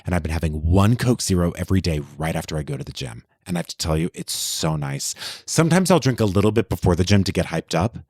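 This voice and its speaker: Campy deep-voiced man, chatty podcast host. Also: lively intonation, fast, few pauses, darkish tone, husky, dry recording, studio quality. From Texas. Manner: campy, dramatic storytelling. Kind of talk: casual chat.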